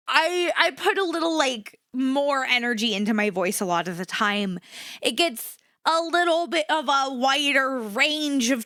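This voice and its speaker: Animated woman streamer with a bright voice. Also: no room sound, clean studio sound. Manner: animated, shifts between bright energetic and low flat delivery. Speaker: VTuber streamer. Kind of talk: casual live-stream chat.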